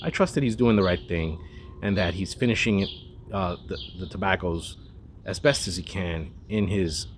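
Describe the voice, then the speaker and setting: A man's voice: deep voice, normal speed, slight background noise. A man hosting a cigar review, talking in a rambling, chatty way with lots of asides and restarts. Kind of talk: casual cigar review monologue.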